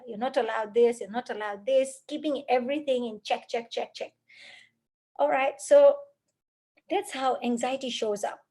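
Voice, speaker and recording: A woman's voice: on the high side, a little mellow. A woman giving a spoken lecture on parenting, earnest and fond of repeating her points in lists, laughing at herself now and then. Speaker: parenting speaker.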